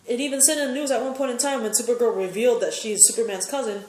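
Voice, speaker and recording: A woman's voice: a little high, fairly even intonation, fast talker, darkish tone, reverberant, a little hiss or hum. A woman giving a casual, opinionated recap of a TV episode, rambling with many fillers. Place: sitting in a chair at home.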